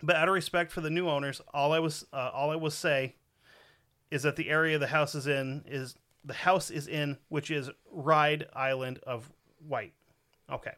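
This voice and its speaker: Casual male podcast host, foul-mouthed, jokey delivery, bright tone. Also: on the high side, fairly even intonation, moderate pace. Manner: crude, profane, joking. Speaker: podcast host reading a listener's story.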